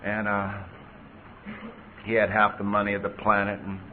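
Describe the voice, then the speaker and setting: A man's voice: fairly low pitch, monotone, moderate pace. Man telling his story over a tinny tape. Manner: conversational storytelling with frequent "you know". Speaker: recovery meeting speaker. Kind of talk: personal recovery story talk. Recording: tinny phone-like tape with faint hiss.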